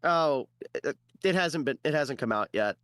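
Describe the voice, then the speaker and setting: A man narrating as game master in a relaxed way, with lots of fillers. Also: on the high side, normal speed, dry recording.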